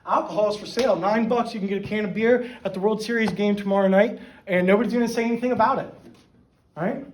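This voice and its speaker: A man's voice: high-pitched, fairly even intonation, quick pace, a little hiss or hum, poor audio. A middle-aged man giving a casual, conversational talk to a men's church group, often asking "right?" and restarting his sentences. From Pennsylvania. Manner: informal, frequent "right?" and "um", self-restarts. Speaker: guest speaker at a men's church gathering. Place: church meeting room.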